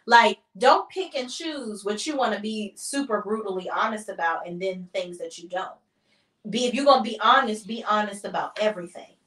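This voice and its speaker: A woman co-hosting a casual chat with her husband, talking in an animated, playful way and acting out little scenes. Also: medium pitch, moderate pace, reverberant, recorded from a distance. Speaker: podcast co-host.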